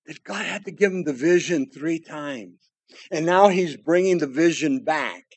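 High-voiced older male pastor, folksy. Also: a little slow, breathy edge, no room sound. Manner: folksy, joking asides, dynamic swings from loud to hushed. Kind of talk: sermon.

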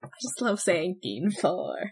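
A woman co-hosting a podcast in casual, joking chat who laughs often and turns brisk when going through history notes. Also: lowish voice, big pitch swings, breathy edge. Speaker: podcast co-host.

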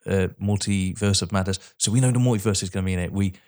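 A man's voice: deep voice, fast talker, darkish tone. A man co-hosting a podcast, chatting casually about films, swearing and correcting himself as he goes. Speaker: podcast co-host. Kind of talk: casual film chat.

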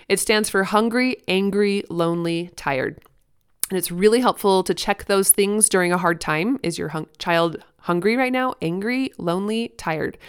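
Earnest woman podcast host, smooth voice. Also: medium pitch, no room sound, studio quality. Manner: earnest, often laughs softly. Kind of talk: parenting podcast, reading her blog post aloud.

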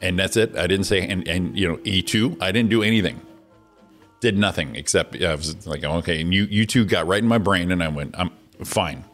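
A man co-hosting a casual morning show, telling stories with profanity, self-deprecating jokes and quick impressions. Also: low-pitched, fairly bright tone, soft background music. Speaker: co-host.

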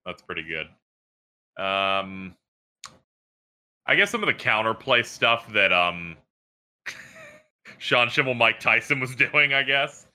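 A man's voice: medium pitch, sing-song, measured pace, pauses often, sharp tone. A man co-hosting a casual podcast, talking hesitantly and often restarting and repeating words. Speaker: podcast co-host.

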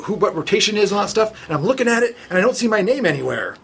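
A man with a husky, fairly high voice spins a casual story on a podcast. He is animated and lively, slipping into the voices of the people he quotes. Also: very fast. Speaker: podcast guest.

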